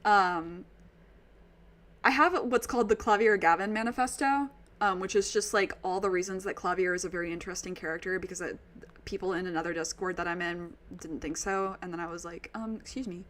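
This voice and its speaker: A woman's voice: on the low side, a little fast, fairly bright tone. A woman streaming a video game, chatting casually and emotionally about the story with many ums and asides. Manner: gushing, emotional fan with lots of ums. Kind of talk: casual game commentary and reading dialogue aloud.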